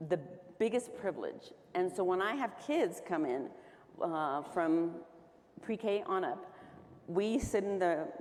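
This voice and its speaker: A woman governor with a lowish, darkish voice speaks during a panel discussion on a conference stage. She tells stories in a chatty manner with frequent fillers, and the hall adds reverb to the recording.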